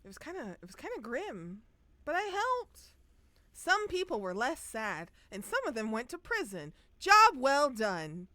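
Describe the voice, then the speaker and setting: A woman's voice: high-pitched, wildly swooping pitch, a little slow, sharp tone, dry recording, voice pushed up, full character voice. A woman mimicking a self-satisfied young woman detective, breezy and mock-earnest. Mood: smug.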